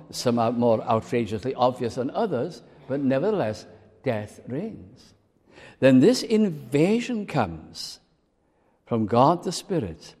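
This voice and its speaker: Lively, emphatic male preacher in a reverberant hall. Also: mid-range voice. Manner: lively, emphatic preaching with sudden drops to quiet asides. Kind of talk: sermon. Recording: long reverb of a large hall.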